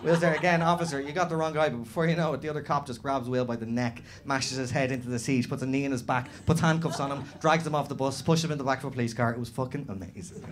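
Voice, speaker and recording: A man doing animated stand-up storytelling on a comedy club stage, slipping into other people's voices. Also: mid-range voice, fast, few pauses, noisy background. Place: comedy club stage before a live audience. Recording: live room with audience laughter.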